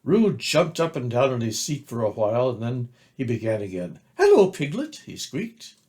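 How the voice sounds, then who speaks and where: An older man reading a children's book aloud, narrating slowly and gently. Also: medium pitch. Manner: slow, gentle, expressive narration. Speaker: storyteller.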